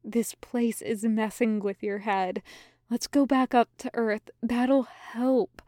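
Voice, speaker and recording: A woman's voice: fairly high pitch, steady tone, slow pace, warm tone, no echo, clean studio sound. A woman voicing a frightened male demon who pleads and stammers earnestly. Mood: pleading.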